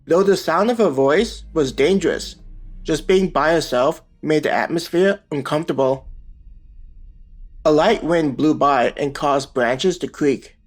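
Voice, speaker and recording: A man reading a web novel aloud as scripted audiobook narration, in a steady, even manner. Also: fairly high pitch, a little slow. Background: faint background music.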